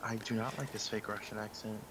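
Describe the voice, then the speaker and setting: A man's voice: fairly low pitch, fairly even intonation, fairly quick, noisy background. A man chatting with teammates during an online shooter game, grumbling and swearing in irritation. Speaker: teammate on voice chat. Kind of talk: casual gaming chat.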